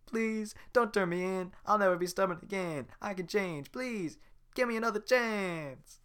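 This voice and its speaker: A man's voice: sits high, moderate pace, fairly bright tone, smooth, pitched above the performer's own voice. A man voicing a frantic male talking donkey who pleads in a whiny, desperate way. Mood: pleading.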